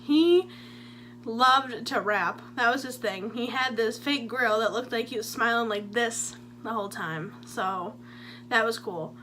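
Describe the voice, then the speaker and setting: Bright-voiced young woman telling stories. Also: on the high side, a little slow, slight background noise. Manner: chatty, jokey, animated storytelling. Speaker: vlogger. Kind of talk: story time vlog.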